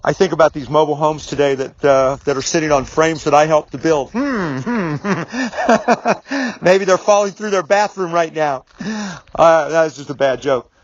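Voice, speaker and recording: A man's voice: a little high, moderate pace, highs cut off. A middle-aged man telling a personal story straight to camera, casual and rambling, with many restarts, mild swearing and firm, emphatic repetition. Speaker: business speaker. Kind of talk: storytelling video monologue.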